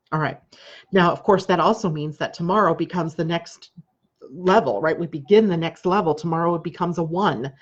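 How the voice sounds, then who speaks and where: A woman astrologer hosting a live stream, talking calmly and repetitively, often checking in with "right?". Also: sits low, lo-fi sound. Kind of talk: live-streamed spiritual talk.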